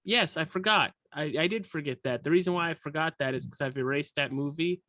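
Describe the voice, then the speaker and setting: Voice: medium pitch, brisk, a bit bright, no room sound. Joking, rambling podcast host, dry sound. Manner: rambling, self-correcting and jokey. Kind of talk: casual podcast chat.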